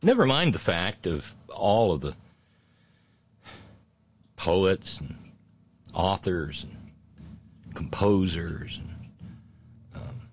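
A man's voice: low voice, big pitch swings, a little hiss or hum. A man telling a story in a rambling, sardonic monologue, full of restarts and fillers. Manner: halting, many restarts and fillers.

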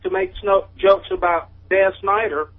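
Male caller, earnest and stammering, high and husky, tinny phone line. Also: wildly swooping pitch, a little slow. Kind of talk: phone-in call.

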